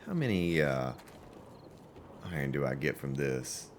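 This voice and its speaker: A man's voice: rumbling low, very animated, a little slow, slight background noise. A man commentating his own gameplay on a live stream, chatting along and greeting viewers by name. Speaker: game streamer.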